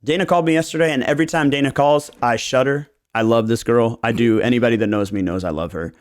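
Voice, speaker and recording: A man's voice: medium pitch, fast talker. A man, hosting a casual podcast chat, telling stories and acting out clients' lines with loose swearing. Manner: animated storyteller who acts out clients' lines, profane. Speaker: real estate agent and podcast host.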